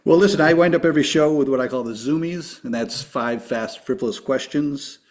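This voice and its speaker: A man hosting a podcast interview, upbeat and friendly as he asks his guest quick questions. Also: on the high side. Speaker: podcast host. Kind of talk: casual interview.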